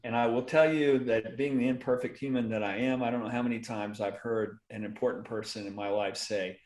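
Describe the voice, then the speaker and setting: A man's voice: mid-range voice, steady tone, brisk, darkish tone, roomy sound, low-quality recording. A man hosting a podcast interview, reacting with enthusiasm and affirmation in casual chat. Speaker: podcast host.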